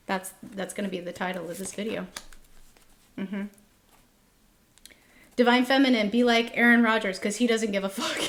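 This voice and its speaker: A woman's voice: a little high, moderate pace, pauses often, a bit bright. A woman in her thirties giving a casual tarot reading to her viewers, emphatic and repeating phrases for effect. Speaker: tarot reader.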